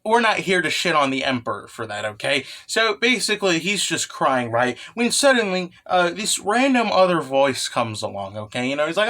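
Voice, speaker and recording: A man's voice: fairly high pitch, very animated, normal speed, hardly any pauses, sharp tone. A young man giving a casual recap, rambling and full of fillers and tag questions like "right?". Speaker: manga recap host. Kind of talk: casual commentary.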